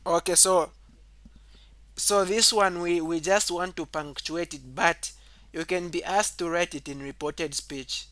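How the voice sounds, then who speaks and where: A man teaches a grammar lesson at an unhurried pace in a steady tone, with no room sound. He goes step by step, repeats key points, says "okay" a lot, and reads example sentences aloud louder and higher for emphasis.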